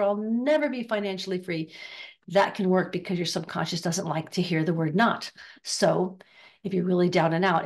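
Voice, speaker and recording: An older woman giving a casual spiritual talk, chatty and riffing, acting out bits of gossip in quick voices. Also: on the low side. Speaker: spiritual teacher.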